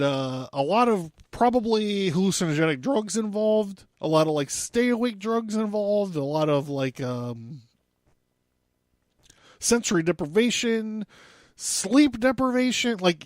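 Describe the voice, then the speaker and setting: A man's voice: on the high side, no room sound. A young man hosting a casual history podcast, rambling loosely with lots of fillers and asides. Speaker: podcast host.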